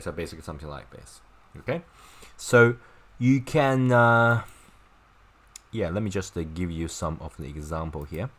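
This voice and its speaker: Low-voiced man teaching Chinese casually. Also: fairly bright tone. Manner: chatty and informal, with frequent "right?" and "okay?" checks; wry, mocking asides with laughs. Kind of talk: casual online lesson.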